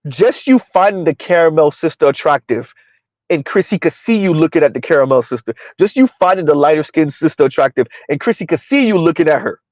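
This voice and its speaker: A man with a slightly high voice, talking through a casual commentary stream. He argues in rhetorical questions and keeps checking in with "right?" and "huh?". The sound is dry and a little dull, like a home setup with a modest mic. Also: animated, fairly quick, a little mellow, no echo. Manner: rhetorical, repeats "who would have ever thought" and "right? huh?"; talks about himself in third person. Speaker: commentary host.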